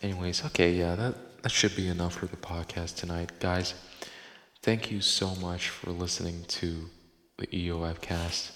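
A man's voice: low-pitched, flat delivery, moderate pace, a bit bright, a little hiss or hum. A man hosting a casual solo podcast, swearing in exasperation as he reads listener posts aloud. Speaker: podcast host. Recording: echoey room with long reverb.

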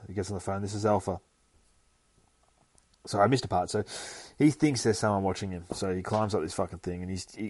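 Aussie host, deep voice, dry close sound, loose rambling recap with swearing. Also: male voice, gravelly, darkish tone, slightly rough, no echo. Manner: rambling, heavy swearing, self-correcting. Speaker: podcast host. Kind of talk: casual comic book recap.

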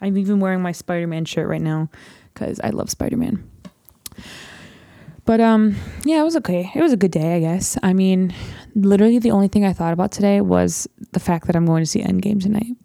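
Teen girl host, chatty and rambling, low mellow tone with lots of fry, dry close sound. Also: a little fast, no echo. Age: teens. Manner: chatty, rambling, says "literally" often. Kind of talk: casual chat.

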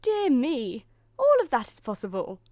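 Woman playing fussy, huffy old fairy godmother, storybook, high voice, dry close sound. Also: huge pitch swings, dark tone, no echo, full character voice. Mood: fond. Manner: brisk, huffy, affectionate.

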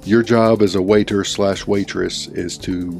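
Blunt low-voiced Southern man. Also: steady tone, unhurried, gravelly, a little mellow, faint music behind. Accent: Southern American. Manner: blunt, matter-of-fact, slangy. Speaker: podcast co-host. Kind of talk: casual podcast banter.

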